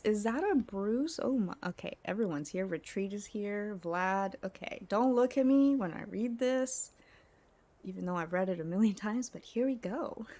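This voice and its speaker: A woman streams a game and chats with her viewers, soft-spoken and giggly. Her pitch sits in the middle, and she takes her time between words. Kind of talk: casual live-stream chat.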